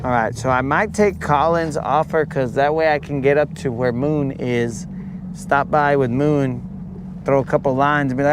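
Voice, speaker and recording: A man's voice: mid-range voice, steady tone, moderate pace, noisy background. A man chatting and joking with his live viewers while fishing from a boat on a lake. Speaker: fishing livestreamer. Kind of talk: casual live-stream chat.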